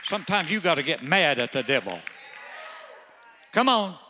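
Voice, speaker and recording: An older man, a pastor, telling folksy stories in a sermon, halting on fillers, then bursting out loud to the congregation. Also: fairly high pitch, sing-song, a crowd in the background, background noise. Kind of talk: storytelling sermon. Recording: long hall reverb.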